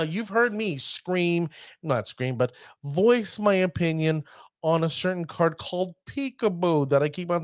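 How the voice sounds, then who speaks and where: Guy talking thru a card deck, bit high voice, real dry sound, chatty w the viewers. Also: clean tone, dry recording. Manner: chatty, addresses viewers as ladies and gentlemen. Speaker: card game deck analyst. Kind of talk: casual commentary.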